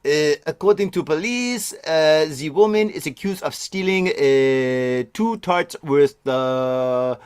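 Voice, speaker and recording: A man reading a news item in a put-on mock French accent, halting with many pauses. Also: on the high side, clean tone, no room sound, studio quality. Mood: mock-serious.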